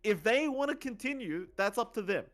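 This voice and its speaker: Animated Australian man, lively pitch. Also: moderate pace, faint music behind. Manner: animated, swearing storyteller. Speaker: podcast co-host. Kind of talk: casual chat.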